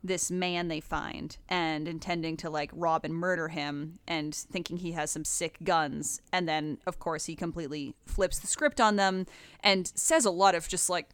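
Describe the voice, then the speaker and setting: A woman co-hosting a casual podcast, breaking down game lore in an animated, profane way. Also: fairly low pitch, clean tone, no echo. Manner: animated, profane, quick asides. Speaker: podcast co-host.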